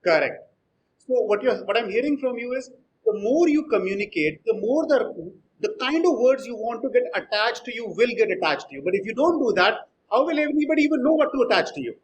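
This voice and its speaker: A man's voice: very high voice, animated, fairly quick, slight background noise, low-quality recording. A man, hosting an interview. He sums up his guest's points and puts short follow-up questions. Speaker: interview host. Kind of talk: interview, brief backchannels.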